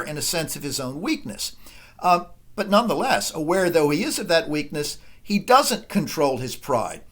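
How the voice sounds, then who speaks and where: A man giving a literature lecture, thoughtful and unhurried, pausing often with uh and um. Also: on the high side, fairly bright tone. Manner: thoughtful, with frequent uh and um pauses. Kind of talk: recorded lecture.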